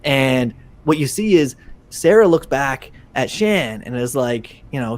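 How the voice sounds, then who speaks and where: Excitable man breaking down a reality show. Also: mid-range voice, a little slow. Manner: animated, excitable retelling with many restarts. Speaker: podcast co-host. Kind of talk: casual chat.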